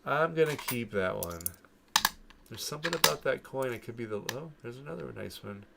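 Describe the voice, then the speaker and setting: A man's voice: medium pitch, expressive, moderate pace, vocal fry, heavy background noise. A man from Florida with a New York accent, rambling casually to viewers as he sorts through coins and trails off mid-sentence. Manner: laid-back, talks to himself, trails off mid-sentence. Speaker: coin collecting channel host. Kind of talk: rambling casual commentary while sorting coins. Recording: loud clinking coins and typing close by. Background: coins dropping and keyboard typing.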